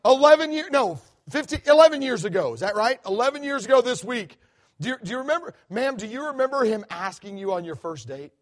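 A middle-aged man preaching a sermon in a church, animated, with many restarts. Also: extremely high pitch, fast. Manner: animated, acts out quoted voices, many restarts. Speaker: guest preacher. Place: church sanctuary.

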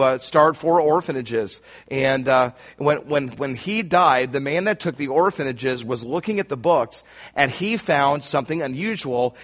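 A man preaching a sermon, emphatic and rising to shouts on key lines, speaking straight to his listeners. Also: fairly high pitch. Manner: addresses listeners directly.

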